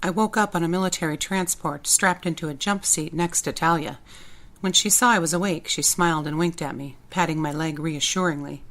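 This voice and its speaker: Woman narrating an audiobook, low voice. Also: fairly quick. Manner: plain, steady storytelling. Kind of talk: first-person audiobook narration.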